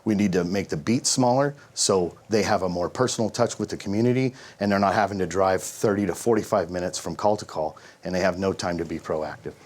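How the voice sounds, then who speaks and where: A man speaking as a sheriff candidate in a debate, delivering pointed, combative rebuttals. His voice sits on the low side. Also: fairly quick, few pauses, a little mellow. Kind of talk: political debate answer.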